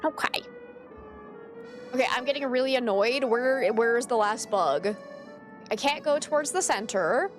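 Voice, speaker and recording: A woman's voice: a little high, unhurried, long pauses, soft background music. A woman streamer chatting casually while playing a game, exasperated and swearing casually as she goes. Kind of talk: casual gameplay commentary.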